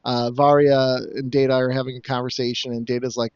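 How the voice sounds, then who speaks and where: A man's voice: medium pitch, flat delivery, fairly quick, darkish tone, clear, resonant tone, no room sound, muffled recording. A man co-hosting a casual podcast, rambling through jokey plot recaps and slipping into mock quoted voices. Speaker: podcast co-host summing up episodes.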